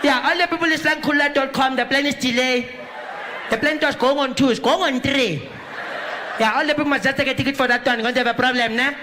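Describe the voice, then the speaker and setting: A man's voice: very high voice, fairly even intonation, quick pace, voice pushed up. A man doing a flustered female airport gate announcer in broken English, rambling and repeating herself while laughing through announcements. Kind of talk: stand-up comedy impression. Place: live comedy stage. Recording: live room noise with crowd.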